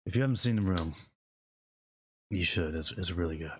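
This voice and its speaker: A man with a very low, deep voice talks loosely over his gameplay. He rambles, chuckles to himself, and often drifts off mid-sentence. It sounds like an unscripted recording of someone talking while he plays. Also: moderate pace, slight background noise. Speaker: gaming streamer. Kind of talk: casual gameplay commentary.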